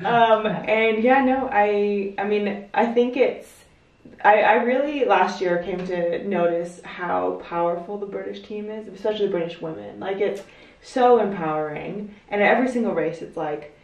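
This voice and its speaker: A woman's voice: mid-range voice, moderate pace, a little mellow, dull audio. A woman from Canada chatting casually as a guest, playful and self-mocking. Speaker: guest triathlete. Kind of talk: casual chat. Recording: echoey room from far off.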